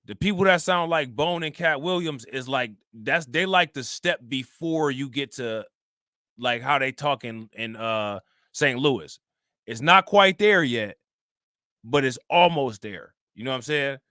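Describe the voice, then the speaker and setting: A man with a plain Northeast Ohio accent rambles to his livestream chat in loose, slangy talk, looping back with asides to the viewers. His voice sits mid-pitched and bright. The sound is close and dry. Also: lively intonation, a little slow, no room sound. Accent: Northeast Ohio, Midwestern. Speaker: livestream host. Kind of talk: casual livestream commentary.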